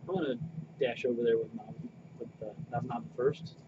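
A man in a middle register talks casually at a game table from some distance. The recording is dull and lo-fi, with loud background noise. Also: medium pitch, fairly even intonation, moderate pace. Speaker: player.

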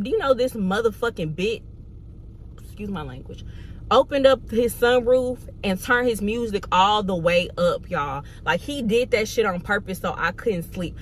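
A woman's voice: mid-range voice, fairly bright tone, slight background noise. A young woman from Georgia, telling a candid, profane storytime vlog with exasperated asides. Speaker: vlogger.

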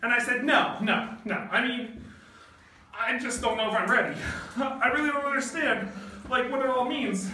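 A man's voice: very high-pitched, normal speed, bright, forceful tone, exaggerated voice. A man doing a squealy, ditzy teenage girl. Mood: flustered. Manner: gushing valley-girl chatter full of "like" and squeals. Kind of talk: comedy skit acting. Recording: echoey room, far from mic, faint noise.

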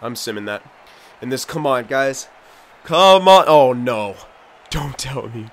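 A young man giving live commentary on his own video game, excitable and frustrated, swearing and shouting at his teammates. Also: medium pitch, slow. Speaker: gaming video host.

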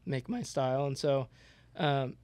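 A man's voice: medium pitch, unhurried, a little mellow, clear, resonant tone, dry recording. A young man, a guest artist, chatting casually and rambling, with constant "like" fillers. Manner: rambling, heavy use of "like". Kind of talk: casual podcast chat.

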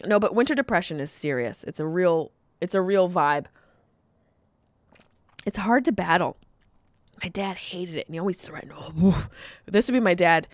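A woman hosting a podcast, telling stories in an animated comedic monologue with jokey asides. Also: fairly low pitch, moderate pace, long pauses, dry recording.

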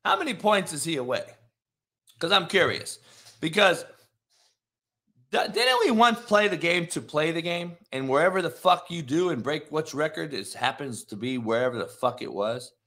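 A man hosting a sports talk show, ranting in a heated, profane way that swings from muttering to shouting. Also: on the high side, big pitch swings, moderate pace.

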